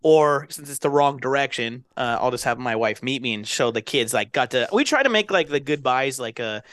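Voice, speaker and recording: A man in his thirties co-hosting a casual podcast chat, animated and quick to laugh as he tells family stories. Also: mid-range voice, no echo. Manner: animated storyteller, laughs often, acts out his kids' voices. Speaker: podcast co-host.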